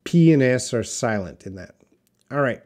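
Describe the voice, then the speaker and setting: A man teaching English in a live-stream Q&A, slowly and patiently answering viewer questions with example sentences. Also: mid-range voice, animated, darkish tone.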